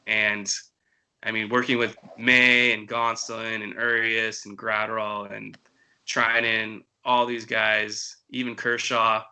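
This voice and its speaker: A man's voice: on the low side, little pitch movement, slow pace, pushed and bright, clear, resonant tone, low-quality recording. A man hosting a casual sports podcast, talking earnestly with frequent restarts. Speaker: podcast host.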